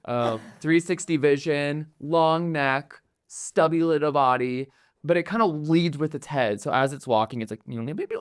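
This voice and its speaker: A man's voice: on the high side, unhurried, smooth. A man playing a tabletop game, rambling casually with many fillers and restarts. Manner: rambling, filler-heavy, giggly. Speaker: player.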